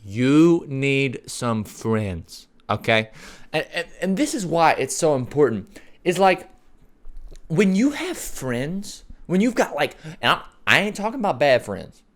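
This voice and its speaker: A man preaching a sermon in an excitable, joking way, repeating phrases for emphasis. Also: a little high, measured pace. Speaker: pastor.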